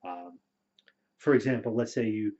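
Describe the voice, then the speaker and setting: A man talking through role-playing tips in a relaxed, rambling way, with many fillers, as a game storyteller. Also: fairly low pitch, normal speed. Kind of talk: casual spoken advice video. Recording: dull lo-fi recording.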